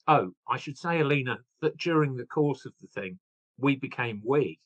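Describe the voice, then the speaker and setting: A man in his sixties, an author guest, telling his story in an animated, chatty way and laughing at himself. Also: medium pitch, normal speed, muffled recording. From England. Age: 60s. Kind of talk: casual interview chat.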